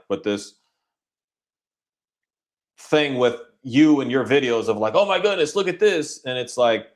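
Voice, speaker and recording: A man appearing as a podcast guest, talking casually and thoughtfully, searching for his words. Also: on the low side. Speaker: guest dog trainer. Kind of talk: casual conversation.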